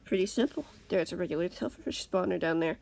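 A woman reading aloud, voicing a cold, scheming male villain who speaks calmly and menacingly. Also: fairly low pitch, quick pace, vocal fry. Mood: calm menace. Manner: calm, menacing, sometimes whispered.

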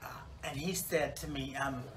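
A man's voice: medium pitch, steady tone, normal speed, natural voice. Brief: male preacher doing a self-absorbed salon-owner woman in heaven, rambling and wry, mid-range voice, faint hiss behind. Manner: rambling, full of fillers and restarts, wry. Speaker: preacher in character. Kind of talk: comic church monologue.

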